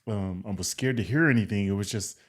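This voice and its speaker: A man's voice: lowish voice, a little fast. A middle-aged man co-hosting a podcast, talking casually with hesitant restarts and chiming in with short agreements. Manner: interjects short agreements, hesitant, laughs often. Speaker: podcast co-host. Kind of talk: casual chat.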